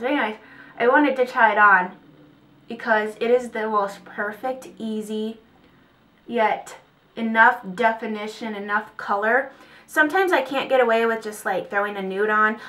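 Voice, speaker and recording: A young woman chatting casually as a beauty vlogger, gushing and telling stories in an animated way at her vanity. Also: a little high. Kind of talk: casual chat. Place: home vanity area.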